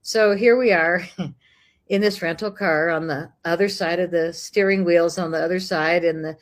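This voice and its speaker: A lively American woman telling a story. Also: lowish voice, normal speed. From United States. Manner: lively, animated, acts out dialogue. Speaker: guest. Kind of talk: casual storytelling chat.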